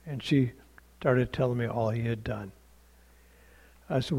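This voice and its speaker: A male pastor tells a story from the pulpit in a plain, conversational way, acting out both sides of the dialogue. His voice is gravelly and husky at a medium pitch. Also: fairly even intonation, a little slow, long pauses, darkish tone. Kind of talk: storytelling sermon.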